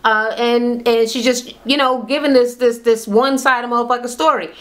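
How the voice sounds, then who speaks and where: A woman's voice: a little high, steady tone, normal speed. Sassy, profane woman recapping reality TV. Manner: sassy, heavily profane, gossipy. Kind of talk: casual recap commentary.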